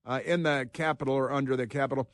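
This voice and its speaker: A man's voice: mid-range voice, steady tone, no echo. Sarcastic, combative male radio host. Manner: combative and sarcastic, with frequent halting restarts. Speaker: radio talk show host. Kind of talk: opinionated talk radio commentary.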